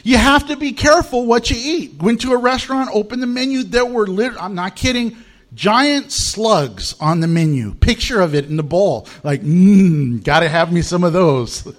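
A male American pastor delivers a sermon in a bright, fairly high voice that swoops up and down. He tells funny stories with lots of animation and often laughs at his own jokes before moving to scripture. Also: expressive, moderate pace. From United States. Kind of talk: humorous sermon.

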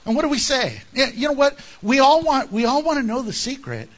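A man preaching a sermon in an animated, conversational way, with jokes and asides to the congregation. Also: very high voice, brisk. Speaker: pastor.

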